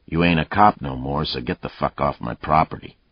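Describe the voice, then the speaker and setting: A man's voice: extremely low pitch, a little fast, slightly rough, dry recording, heavily acted. A man reading a story, voicing a fat, sweaty, surly man near fifty who swears and snaps. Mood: hostile. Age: about fifty. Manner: surly and profane. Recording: dull, muffled dry audio.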